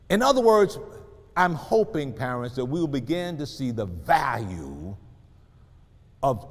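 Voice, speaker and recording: A man giving a humorous, preacher-like motivational talk to parents, calling out to the crowd. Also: fairly high pitch. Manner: humorous, animated, call-and-response. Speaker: parenting speaker at a family expo. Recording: reverberant hall.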